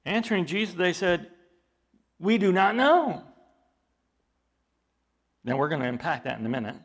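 A man preaching a sermon, reading scripture aloud with dramatic emphasis and explaining it slowly and deliberately, his intensity rising as he goes. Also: high-pitched, big pitch swings. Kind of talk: expository sermon.

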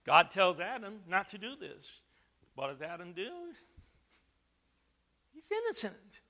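A man preaching a sermon, emphatic, with repeated words and loud stressed phrases. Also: sits high, sing-song, unhurried.

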